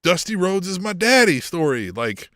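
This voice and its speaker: A man's voice: high-pitched, normal speed, no room sound, studio quality. A man co-hosting a wrestling podcast, chatting casually, swearing freely and laughing often. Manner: profane, animated, laughs often. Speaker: podcast co-host.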